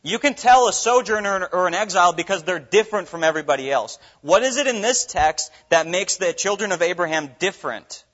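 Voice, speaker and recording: A man's voice: high voice, animated, fairly quick, few pauses, a bit bright. A man from Minnesota preaching a sermon as pastor, earnest and full of rhetorical questions. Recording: dull lo-fi recording.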